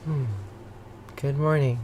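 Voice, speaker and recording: A livestream host leading a morning breathing and toning practice, with soft, slow cues that sometimes drop to a breathy whisper, greeting viewers by name. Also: mid-range voice, steady tone, slight background noise. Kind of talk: guided breathing and toning instruction.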